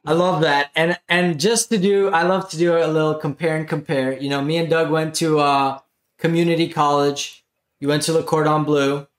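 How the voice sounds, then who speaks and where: A man's voice: fairly high pitch, steady tone, moderate pace. A laid-back man co-hosts a casual chat with a slightly raised voice. He leans on fillers as he talks, and his voice rings in a roomy, echoey space.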